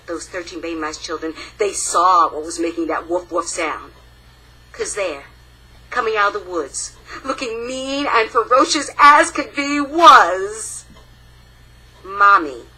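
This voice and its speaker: A young woman telling a children's folktale aloud, animated, with dramatic pauses and sound effects. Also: lowish voice, slightly rough, rough recording. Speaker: storyteller. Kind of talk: oral storytelling for children.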